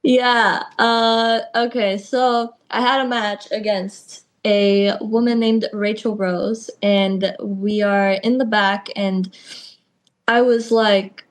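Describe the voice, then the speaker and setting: Young female wrestler guest, video call interview, animated storyteller. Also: mid-range voice, slow. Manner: lively storytelling, acts out quotes. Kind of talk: casual interview.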